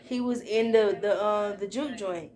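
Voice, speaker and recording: A young adult woman vlogger in a casual movie review chat, animated and slangy, often acting out lines she quotes. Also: mid-range voice, a little slow.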